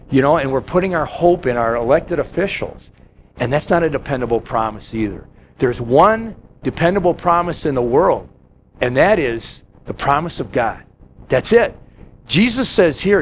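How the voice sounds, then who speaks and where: A man's voice: fairly high pitch, very animated. Guy preaching, jumps into little voices for stories, swoopy delivery, faint hiss behind. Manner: storytelling with quick acted-out quotes. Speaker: pastor. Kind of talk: sermon.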